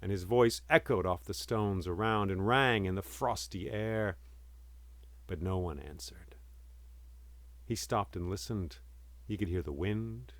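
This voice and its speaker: A man telling a folk tale in a measured, dramatic and vivid way. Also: low voice, dry recording. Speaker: storyteller. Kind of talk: oral storytelling.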